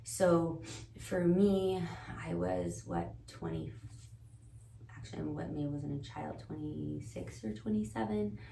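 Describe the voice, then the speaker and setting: A deep-voiced woman with warm tone and vocal fry speaks slowly yet animatedly as a podcast guest, reflectively telling her story and thinking aloud with earnest searching. The indoor room shared with the host adds roomy echo, and the distant mic picks up faint noise.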